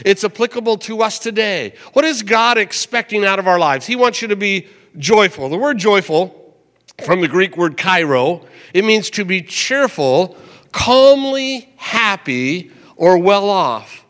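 An older man preaches in a fairly high voice, talking to the congregation in a loose, conversational way. He slows right down when he repeats a verse. A long hall reverb trails behind every line. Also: animated, fairly bright tone. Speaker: pastor. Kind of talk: sermon. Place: church sanctuary.

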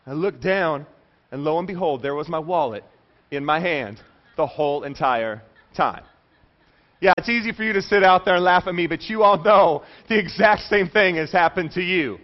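A man preaching a sermon to a congregation, telling stories with animated asides and call-and-response questions to the room. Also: high voice, fairly quick, muffled recording. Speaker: pastor. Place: church service before a congregation.

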